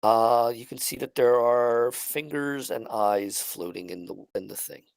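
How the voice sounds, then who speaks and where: A man narrating as game master of a tabletop role-playing game, halting and restarting often. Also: medium pitch, gravelly, no echo, low-quality recording. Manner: halting, many restarts and fillers.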